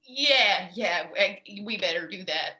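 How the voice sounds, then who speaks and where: A woman's voice: mid-range voice, lively intonation, pushed and bright. A woman playing a crude casting director. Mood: blunt. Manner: blunt and crude, slow drawn-out delivery. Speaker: improv performer. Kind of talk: improv comedy scene.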